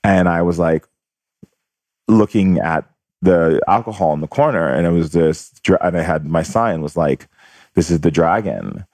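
Brief: man with a very low voice, earnest storyteller, close dry sound. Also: normal speed, darkish tone, dry recording. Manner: earnest, re-enacts voices in quotes. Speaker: guest. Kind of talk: personal storytelling in conversation.

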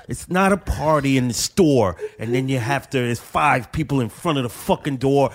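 A man telling stories slowly and with animation, full of street slang. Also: medium pitch. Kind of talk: casual chat.

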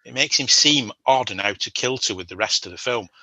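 A man's voice: mid-range voice, a little fast, bright, forceful tone, no echo. A man co-hosting a podcast, chatting casually about a film he watched as a kid and laughing often. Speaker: podcast co-host.

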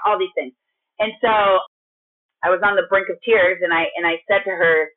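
A woman in her late thirties from Minnesota talks loudly and with energy, restarting her sentences as she tells her story. Her voice comes through a thin, phone-like line. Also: fairly low pitch, normal speed, pauses often. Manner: loud, energetic, chatty with many restarts. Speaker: guest, gym owner. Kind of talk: storytelling in a podcast interview.

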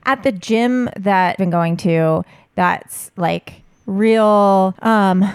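A woman co-hosting a casual podcast, a doctor who talks in a relaxed, amused way and often restarts her phrasing. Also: mid-range voice, drawn-out words, clear, resonant tone, no room sound, clean studio sound. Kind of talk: casual chat.

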